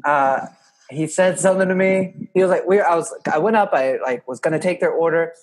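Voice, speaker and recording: A man's voice: fairly high pitch, fairly quick. A young man chatting casually as a podcast co-host, telling stories animatedly with swearing and frequent laughter. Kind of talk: casual chat.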